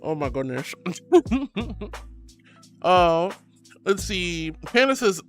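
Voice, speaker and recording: A man's voice: a little high, big pitch swings, slow pace, fairly bright tone, soft background music. A man streaming as a VTuber, reading chat aloud and greeting viewers in an affectionate, bubbly way, calling them sweetie and honey.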